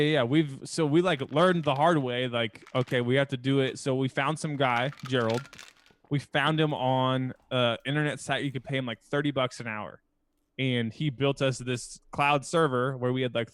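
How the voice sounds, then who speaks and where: A man's voice: medium pitch, fairly even intonation, moderate pace, clean tone. A man co-hosting a podcast in casual chat, laid-back, saying "yeah" over and over and telling stories with quoted lines. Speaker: podcast co-host.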